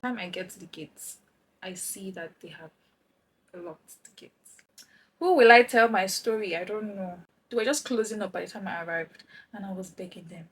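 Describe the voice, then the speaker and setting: A young woman from Nigeria telling a lively travel story while doing her makeup, acting out the other people's lines. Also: medium pitch, moderate pace, a little hiss or hum, poor audio. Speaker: vlogger. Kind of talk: chatty get-ready-with-me story time.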